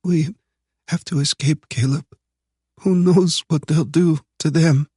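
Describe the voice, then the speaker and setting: A man reading an audiobook voices a frightened young woman held captive, speaking in a halting, trembling way. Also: a little high, steady tone, a little mellow, slightly rough, no echo, clean studio sound, pitched above the performer's own voice.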